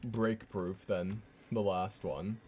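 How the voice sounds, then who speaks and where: Man, game streamer, low voice, mellow tone, jokey, laughs often, reads notes in a mock voice. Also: fairly even intonation, slow pace. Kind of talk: live game commentary.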